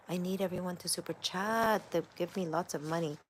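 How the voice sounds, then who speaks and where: A woman's voice: lowish voice, fairly quick, hardly any pauses, slight background noise. A woman hosting a live stream in a playful, chatty way, reading viewer comments aloud and peppering her talk with "like" and "you know". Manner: frequent "like" and "you know" fillers. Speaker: livestream host. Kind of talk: casual live-stream chat.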